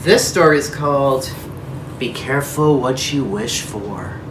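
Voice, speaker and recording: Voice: medium pitch, lively intonation, measured pace, roomy sound, background noise. A storyteller speaking eagerly and plainly.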